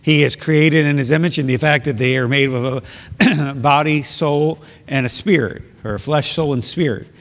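A man's voice: fairly high pitch, normal speed, a bit bright. A man preaching as a pastor, explaining scripture with rhetorical questions and reading verses aloud. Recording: long hall reverb.

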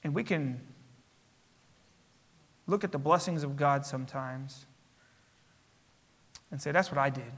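A man's voice: medium pitch, unhurried, long pauses, fairly bright tone. A male pastor preaching a sermon, emphatic and driving his points home with repeated parallel phrases. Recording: long reverb of a large hall.

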